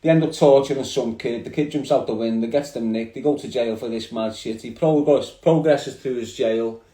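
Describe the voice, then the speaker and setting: Speaking into his phone to viewers, a Liverpool-accented man hosts a laid-back livestream, rambling in street slang. His mid-range voice is mellow and moves at normal speed, and the room is echoey.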